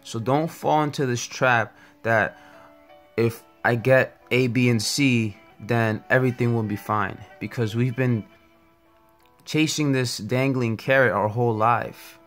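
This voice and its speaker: A man's voice: mid-range voice, unhurried, fairly bright tone. A man giving an earnest, reflective spiritual talk, telling a parable along the way. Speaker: spiritual teacher. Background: faint music.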